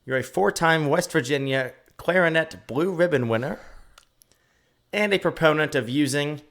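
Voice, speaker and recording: A man co-hosting a podcast in casual banter, joking with a deadpan sense of wordplay. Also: a little high, moderate pace. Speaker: podcast co-host.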